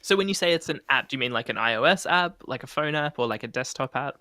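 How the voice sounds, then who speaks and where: A man co-hosting a casual livestream in a relaxed way, asking follow-up questions. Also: medium pitch, quick pace, no echo, studio quality. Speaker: podcast co-host.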